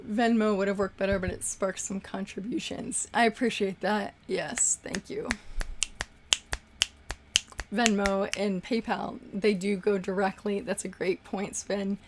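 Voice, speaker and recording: A woman's voice: mid-range voice, fairly even intonation, unhurried, background noise. A young woman hosting a casual livestream, chatting and effusively thanking viewers for their super chats.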